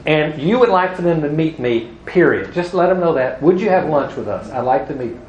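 A man teaches a gathered audience in a relaxed preaching style, leaning on stories and playing out each quoted voice. His voice sits a little high for a man. A faint hiss runs under the recording. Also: a little fast, muffled recording. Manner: storytelling, acts out quoted voices, chuckles. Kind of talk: evangelism teaching talk to a live group.

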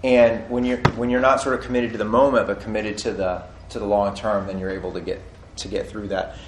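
A halting man in an echoey room. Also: fairly low pitch, level tone. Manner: halting, many restarts, laughs easily. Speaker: podcast co-host. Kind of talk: casual marriage-advice chat. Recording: echoey room with faint noise.

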